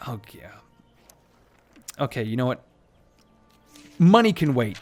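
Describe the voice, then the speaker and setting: A man's voice: on the high side, expressive, slow pace, pauses often, faint music behind. A man giving casual let's play commentary on a strategy game, sarcastic and joking, swearing and rambling as he plays. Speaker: gaming commentator.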